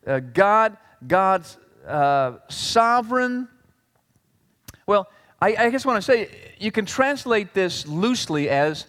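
A male pastor preaches in a lively, animated, conversational way, his voice sitting high and swinging widely in pitch. His words ring out in a church hall with a long, echoing reverb. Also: slow pace. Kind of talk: sermon.

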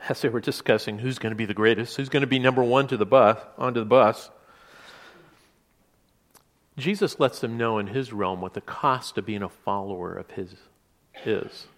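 A man preaching a sermon in a relaxed, conversational way, with asides and restarts. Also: medium pitch. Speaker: pastor.

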